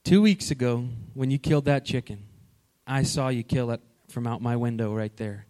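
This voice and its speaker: A man voicing a calm farm father in a story, speaking low and quietly. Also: moderate pace, natural voice. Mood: gentle, knowing.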